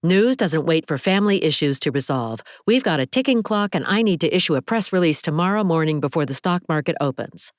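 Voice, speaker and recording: Woman reader doing a hurried, bossy female manager; clipped, commanding, fast delivery. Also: low voice, animated, no echo, studio quality. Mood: demanding. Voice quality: brisk, commanding. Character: overworked female boss, pushy and demanding.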